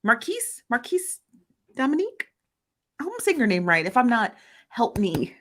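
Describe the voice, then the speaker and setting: A woman's voice: on the high side, wildly swooping pitch, normal speed, fairly bright tone. A woman hosting a casual livestream, chattily greeting viewers by name and reading their comments aloud. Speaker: livestream host. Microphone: phone.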